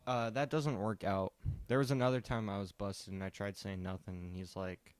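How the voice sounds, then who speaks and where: A young man co-hosting a podcast, telling a story casually and profanely, quoting people in a lowered voice. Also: steady tone, moderate pace, clear, resonant tone, no room sound. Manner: profane, laid-back, quotes people in a lowered voice. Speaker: podcast co-host.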